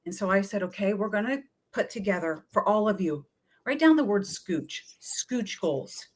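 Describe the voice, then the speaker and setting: Energetic woman telling coaching stories. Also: mid-range voice, moderate pace. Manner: energetic, chatty, often acts out quoted voices. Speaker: wellness coach guest. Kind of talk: animated storytelling in a talk-show interview.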